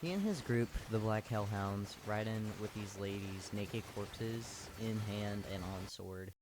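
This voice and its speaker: A man's voice: on the low side, unhurried, noisy background. A man doing a crude, sarcastic comedy recap of an anime, full of slang and swearing.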